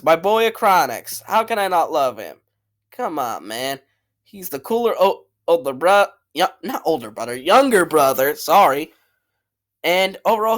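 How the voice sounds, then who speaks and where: A man giving casual, opinionated commentary as a channel host, blunt and rambling, swearing freely and repeating himself. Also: high-pitched. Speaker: channel host ranking cartoon characters.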